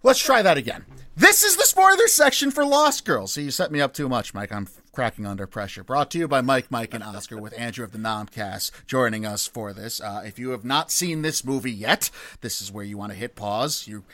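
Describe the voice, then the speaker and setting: Male podcast co-host, bright and lively, jokey and self-mocking, dry close mic. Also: on the low side, fairly quick, hardly any pauses, no room sound. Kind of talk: casual podcast chat.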